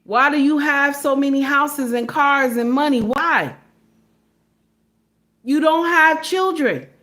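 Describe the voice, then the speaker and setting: A woman delivers a preachy commentary monologue in a high voice. She hammers her points with rhetorical questions and talks to her audience as her sisters, like a sermon. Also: slow, a bit bright. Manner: addresses listeners as sisters, sermon-like. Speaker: online commentator.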